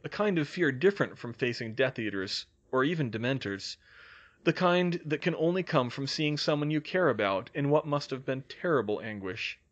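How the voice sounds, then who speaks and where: A man narrating a fan fiction audiobook in an expressive storytelling manner. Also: medium pitch, moderate pace, lo-fi sound.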